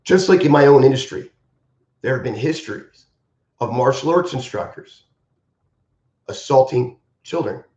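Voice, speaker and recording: A man's voice: medium pitch, animated, normal speed, long pauses, mellow. A man who teaches martial arts, speaking on a live stream in an impassioned, emphatic way and repeating his key phrases. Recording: roomy, dull lo-fi stream audio.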